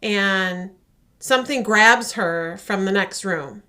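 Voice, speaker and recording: A woman's voice: medium pitch, slow. A woman co-hosting a podcast, animatedly retelling a horror short and acting out the voices. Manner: animated storytelling, acts out voices. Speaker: podcast co-host.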